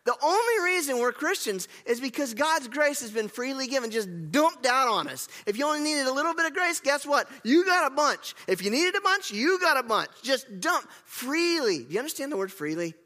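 A man preaching a sermon as pastor, animated and emphatic, with casual asides to the congregation. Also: very high voice, moderate pace, hardly any pauses. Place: church sanctuary. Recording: long hall reverb.

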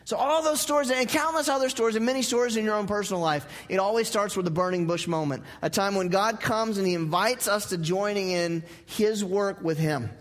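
High-voiced pastor in a reverberant hall. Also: male voice, fairly quick, hardly any pauses. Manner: conversational and joking, repeating key phrases. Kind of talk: sermon. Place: church sanctuary.

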